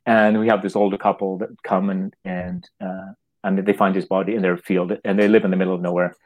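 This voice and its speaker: A man from Canada, a guest telling a long story in an animated way, laughing often and restarting his sentences. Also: low-pitched, fairly quick, muffled recording. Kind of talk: anecdotal storytelling.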